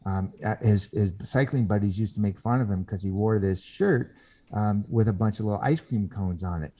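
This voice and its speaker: A man with a very dark, mellow, low-pitched voice. He speaks as a guest in a podcast interview. He tells his stories earnestly, stopping and restarting mid-sentence. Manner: earnest storyteller who acts out quoted voices; halting, with frequent restarts. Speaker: guest author.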